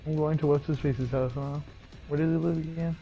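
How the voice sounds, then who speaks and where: A man's voice: fairly high pitch, fairly even intonation, brisk, mellow, dull audio, soft background music. A young man gaming with a friend on stream, laid-back and swearing casually.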